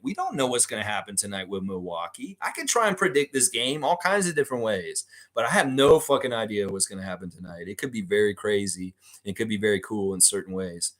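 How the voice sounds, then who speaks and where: This man runs a live fan stream, casually reading comments from viewers while cursing freely and using plenty of fillers. His pitch is fairly low, with a fairly bright tone.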